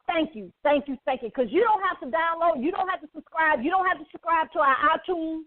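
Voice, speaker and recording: High-pitched exuberant Southern woman host. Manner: exuberant, preacherly, call-and-response questions. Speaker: radio host. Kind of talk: inspirational radio talk. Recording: tinny phone-like line.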